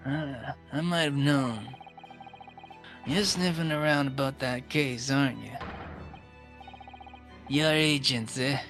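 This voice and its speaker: A man voicing a surly, suspicious tough with a put-on Irish brogue, gruff and threatening, reading lines from a game. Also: mid-range voice, slow, pauses often, over music.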